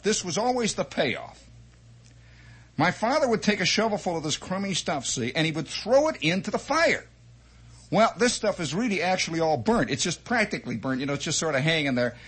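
A man telling a comic childhood story as a monologue, animated and chatty, with asides and mouth sound effects. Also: high voice, moderate pace, breathy edge. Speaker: radio storyteller.

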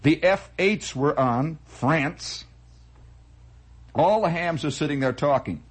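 A man's voice: a little high, slow pace, slightly rough. A man telling a rambling story as a spoken monologue, with chuckling asides.

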